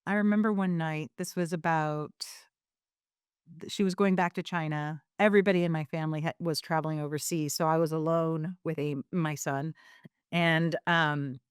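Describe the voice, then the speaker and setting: A woman's voice: sits low, fairly even intonation, normal speed, smooth, dry recording, clean studio sound. A woman guest on a podcast telling her story candidly, rambling with many fillers and restarts.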